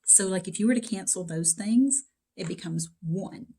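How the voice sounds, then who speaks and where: A woman's voice: mid-range voice, normal speed, creaky, mellow, slightly rough. A woman teaching math in a casual recorded lecture, talking straight to her students in a chatty way from her home basement. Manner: chatty, talks to students directly.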